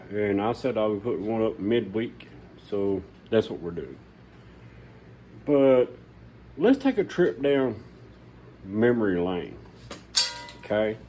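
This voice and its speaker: A man's voice: on the low side, dark tone, slightly rough, rough recording. A middle-aged man, hosting his own channel and talking casually to the camera in his home shop, blunt, rambling and folksy. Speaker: channel host.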